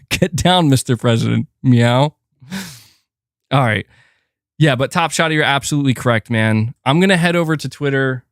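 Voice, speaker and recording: A man hosting a casual gaming livestream speaks at a normal speed in a mid-range voice, with no room sound. Close to his desk mic, he chats loosely and regularly breaks off to coax his cat.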